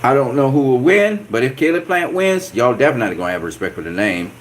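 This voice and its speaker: Profane, excitable male boxing vlogger. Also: medium pitch, quick pace, slight background noise. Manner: animated, profane trash-talk with repeated catchphrases and laughs. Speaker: boxing channel host. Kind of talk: casual boxing commentary vlog.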